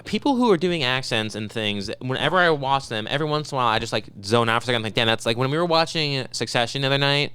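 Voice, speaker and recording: A man co-hosting a podcast in casual chat, with fast, profane, excitable banter. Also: mid-range voice, smooth, no echo. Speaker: podcast co-host.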